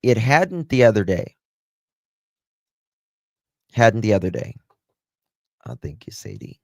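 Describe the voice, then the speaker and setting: Hosting a true-crime show live, this man reads the news and welcomes viewers by name in a slow Southern drawl, warm toward his audience. His fairly low, slightly mellow voice swings widely in pitch, in a dry recording.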